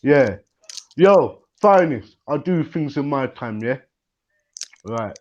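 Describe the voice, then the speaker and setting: A man's voice: mid-range voice, lively intonation, slow pace. A man on a casual live-stream panel, laid-back and slangy. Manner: laid-back, slangy, says "bro" a lot. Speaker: panel guest. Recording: slightly muffled call audio.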